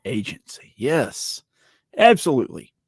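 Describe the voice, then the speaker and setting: A man's voice: medium pitch, big pitch swings, a little slow, breathy edge, no room sound, clean studio sound. A man hosting a casual gaming chat, joking around and playful. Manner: playful, jokey, puts on accents. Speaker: podcast host.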